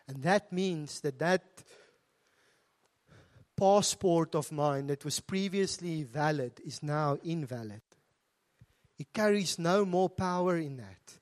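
A man's voice: a little high, lively intonation, slow pace, pauses often. A middle-aged South African man preaching a sermon in a church, earnest and conversational, with asides to the congregation. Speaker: pastor.

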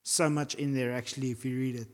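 A man with a South African accent preaching a sermon as pastor, animated, acting out voices and reading scripture aloud. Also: medium pitch, fast talker. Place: church hall. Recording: long hall reverb.

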